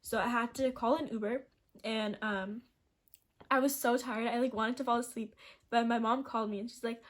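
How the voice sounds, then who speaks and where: A young woman in her late teens tells a long storytime for her vlog in a voice pitched a little high. She talks in a loose, rambling way, full of "like" and restarts, and laughs often as she goes. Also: fairly even intonation, moderate pace, pauses often. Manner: chatty and rambling, heavy use of "like", frequent restarts. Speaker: vlogger.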